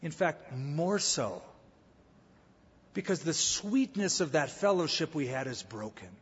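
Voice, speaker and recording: Male pastor, fairly high voice with a husky edge, storytelling sermon delivery, church reverb. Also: sing-song, measured pace. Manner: storytelling preacher with humor. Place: church sanctuary. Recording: echoey hall, slightly dull sound.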